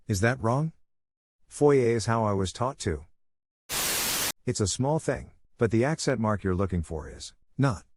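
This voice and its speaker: A man with a fairly low voice reads forum posts aloud. His delivery is plain, with playful lifts on quoted words. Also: a little mellow. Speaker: narrator reading online posts.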